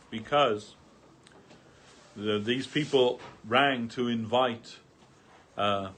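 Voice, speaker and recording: A man's voice: fairly low pitch, fairly bright tone, a little hiss or hum. Man retelling a story at a gathering. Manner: retells anecdotes through many quotes, with fillers and restarts. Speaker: speaker at a devotional gathering. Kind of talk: storytelling talk.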